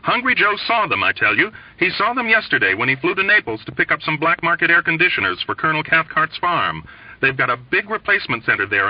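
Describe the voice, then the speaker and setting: A man voicing a rough, quavering young airman, loud and overwrought, in a novel read aloud. His voice leaps high and swings widely as he fails to keep it low. The recording is dry and a bit dull. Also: no room sound. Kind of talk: audiobook reading.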